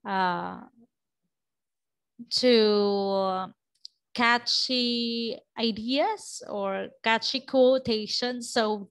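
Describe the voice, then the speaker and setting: A woman's voice: medium pitch, fairly bright tone. A woman teacher giving a classroom lecture, explaining step by step with frequent restarts and checks of "okay".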